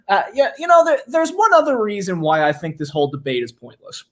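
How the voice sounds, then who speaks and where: A man's voice: high voice, wildly swooping pitch, fairly quick, fairly bright tone. A man with a Midwestern accent co-hosting a sports talk show, ranting with passion and sarcasm. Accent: Midwestern American.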